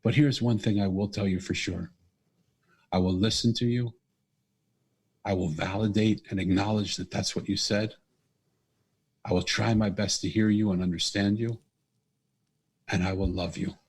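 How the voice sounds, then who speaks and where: A middle-aged man, a podcast guest and author, telling a personal story in an earnest, animated way. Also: fairly low pitch, moderate pace, pauses often, breathy edge. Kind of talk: conversational storytelling.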